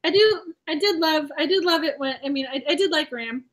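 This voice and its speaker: A woman co-hosting a casual romance book discussion, animated and laughing often. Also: high-pitched, brisk. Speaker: book club co-host.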